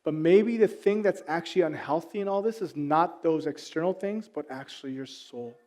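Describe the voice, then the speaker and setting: High-voiced pastor, animated and self-joking. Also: male voice, moderate pace. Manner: animated storytelling with self-deprecating humor. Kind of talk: sermon.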